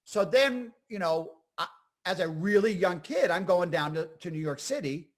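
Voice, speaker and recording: A man in his fifties from Scranton, Pennsylvania, an actor and comedian telling rambling, animated stories as an interview guest. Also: high voice, moderate pace. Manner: animated, rambling, full of fillers and asides. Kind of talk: casual interview storytelling.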